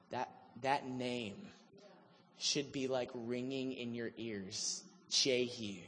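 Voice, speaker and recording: A man preaching a sermon, telling the story in an animated, humorous way. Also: mid-range voice, slow pace, in a large hall, a little hiss or hum.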